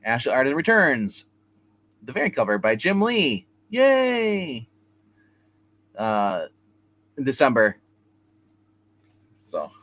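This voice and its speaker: A man hosting a live comic book review stream, retelling a story in a casual, animated way and acting out the characters' lines. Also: mid-range voice, measured pace, pauses often, slightly rough.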